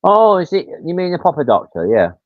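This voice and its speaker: A man's voice: high-pitched, very animated, brisk, a crowd in the background. Rambling man in his fifties. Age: 50s. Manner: rambling storyteller, swears casually, acts out quotes. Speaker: livestream host. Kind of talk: casual chat. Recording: tinny, dry phone-like sound.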